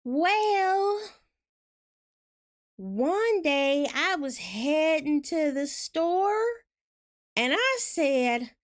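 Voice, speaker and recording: Woman imitating a sweet Southern girl: high, lilting, dragging drawl, each syllable leaned on. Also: big pitch swings, heavily acted. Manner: slow drawl, every syllable stressed. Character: sweet slow-talking Southern young woman.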